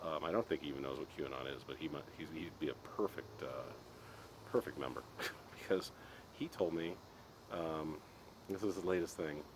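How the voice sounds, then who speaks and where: A middle-aged man with a very low, deep voice rants in a loose, exasperated monologue, stumbling and restarting as he talks. Clear background noise hums behind him. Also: moderate pace. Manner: exasperated ranting, frequent restarts and laughs. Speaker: podcast host. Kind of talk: casual monologue. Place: Colorado. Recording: noisy background.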